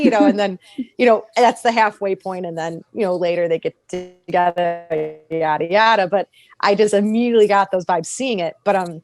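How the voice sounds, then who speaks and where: A woman talking casually on a podcast, animated, often laughing and acting out characters' lines with sudden jumps in pitch. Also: normal speed, dry recording. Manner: animated, acts out characters' lines mid-sentence; frequent laughter and restarts. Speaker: podcast guest.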